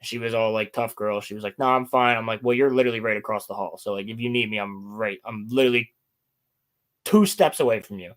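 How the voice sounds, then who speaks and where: A young man hosting a casual podcast chat, telling animated stories and swearing often. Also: on the low side, fast talker. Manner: animated storytelling, heavy swearing. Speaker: podcast host.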